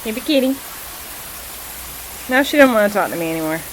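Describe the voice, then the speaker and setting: A woman's voice: medium pitch, expressive, a little fast, slight background noise, poor audio. A woman filming her cats at home, playfully teasing them and meowing at them in a casual home video. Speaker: cat owner filming her pets.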